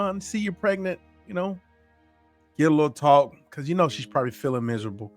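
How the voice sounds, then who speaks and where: A man's voice: a little high, sharp tone. A man hosting a reaction video, reflecting earnestly and addressing viewers directly. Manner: earnest, musing, speaks to viewers as "folks". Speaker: reaction channel host.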